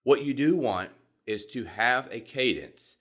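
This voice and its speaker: Calm Southern US man coaching voice. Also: medium pitch. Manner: calm, measured and deliberate, demonstrating vocal examples. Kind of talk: instructional talk.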